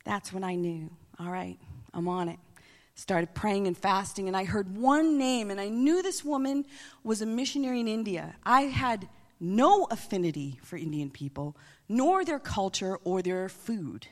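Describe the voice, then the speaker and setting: A middle-aged woman giving a preached testimony, animated, moving between emphatic lines and hushed ones. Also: mid-range voice, moderate pace. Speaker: church staff member giving testimony. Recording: long reverb of a large hall.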